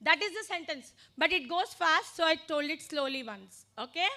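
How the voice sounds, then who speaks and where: A woman training teachers in phonics, modeling letter sounds slowly and deliberately. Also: extremely high pitch, expressive, sharp tone.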